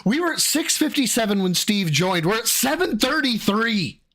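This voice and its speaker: A man with a bright, fairly high voice chats casually as host. His delivery swings up and down a lot as he laughs and acts out little scenes. He talks fast and jokes around. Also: big pitch swings. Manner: quick, laughing, acts out phone calls. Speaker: podcast host. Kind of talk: casual chat.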